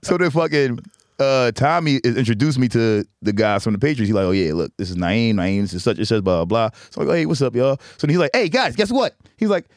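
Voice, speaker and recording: A man and comedian telling stories in casual podcast chat, animated and full of slang. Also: mid-range voice, fast, no echo, studio quality.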